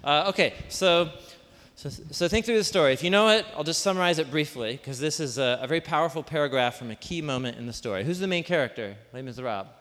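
A man's voice: a little high, quick pace, a bit bright. A man preaching a sermon as pastor in an informal, conversational way, full of asides, rhetorical questions and self-deprecating jokes, speaking to a live congregation. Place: large room with a live congregation. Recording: long reverb of a large hall.

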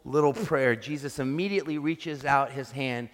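A man's voice: medium pitch, normal speed. A man preaching a sermon as pastor, earnest and reflective, often restarting his sentences. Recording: long reverb of a large hall.

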